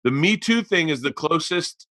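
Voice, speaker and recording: A middle-aged man hosts a casual podcast chat, his voice bright and forceful with a somewhat high pitch. He tells stories loudly and profanely, jumping into the voices of the people in them. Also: expressive, normal speed. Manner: loud, profane storyteller acting out voices. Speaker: podcast host.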